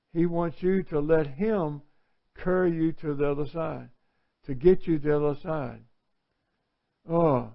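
A male preacher giving an earnest, conversational sermon full of rhetorical questions. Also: a little high. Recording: dull lo-fi recording.

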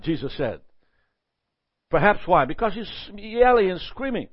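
A man teaching a Bible lesson in a lively sermon style, often asking "Amen?" and chuckling. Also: sits high, unhurried, pauses often, dry recording, highs cut off.

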